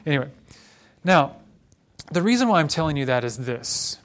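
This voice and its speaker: A man's voice: medium pitch, fairly quick. Conversational male preacher from Oklahoma. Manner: conversational teaching with joking asides. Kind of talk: sermon.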